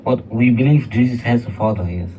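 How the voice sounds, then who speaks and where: A man's voice: mid-range voice, brisk, mellow, slight background noise, poor audio. A man who is a Jehovah's Witness, giving short, hesitant answers in a debate.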